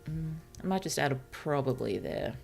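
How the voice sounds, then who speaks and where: A woman streaming as a virtual author, thinking aloud about her novel in a hesitant, musing way, with many fillers and soft laughs. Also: low-pitched, lively intonation, normal speed, gravelly, faint music behind. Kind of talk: casual thinking-aloud livestream while writing.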